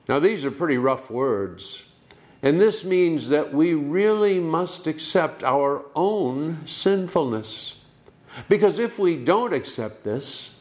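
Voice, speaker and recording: Slow, deliberate male preacher. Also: fairly high pitch. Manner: slow, deliberate delivery with dramatic pauses and emphasis. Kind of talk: sermon.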